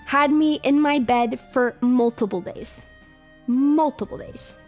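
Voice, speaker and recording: A young adult woman streamer chatting casually with her viewers, telling a story in an animated, emphatic way with lots of repetition. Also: sits high, slow pace, soft background music.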